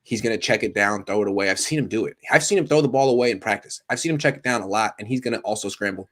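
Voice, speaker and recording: Male host, lowish voice, chatty and animated sports talk. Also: racing. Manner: animated, storytelling, lots of restarts.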